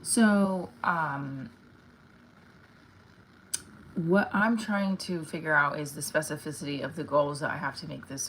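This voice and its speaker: A woman's voice: sits low, a bit bright, a little hiss or hum, rough recording. A woman who is an actress chatting casually on her live stream, rambling and candid, with lots of fillers and casual swearing.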